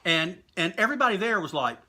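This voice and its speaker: An older man from North Carolina telling animated wrestling stories in a casual livestream chat, acting out quotes with plenty of cursing. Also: sits high, fast talker. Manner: animated raconteur, acts out quotes with profanity. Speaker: guest, comic book shop owner and wrestling author.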